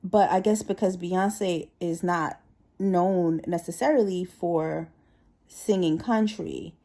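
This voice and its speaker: A woman's voice: on the low side, slow pace. A woman talking casually, telling stories in a chatty way and acting out what her coworkers said. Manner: chatty, animated quoting of coworkers. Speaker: vlogger. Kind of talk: casual storytelling vlog.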